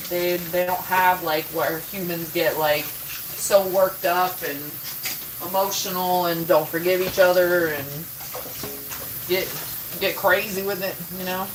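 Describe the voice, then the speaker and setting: A woman's voice: fairly low pitch, steady tone, slow, noisy background. A woman casually chatting with her viewers in her home kitchen, rambling, full of "like" and casual swearing. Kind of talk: casual chat. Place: home kitchen, doing chores.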